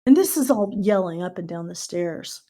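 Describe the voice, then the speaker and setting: A middle-aged American woman hosting a casual podcast, telling stories with lively asides and spelling out words letter by letter. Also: fairly low pitch, normal speed. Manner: animated storyteller who spells out words letter by letter. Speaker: podcast host.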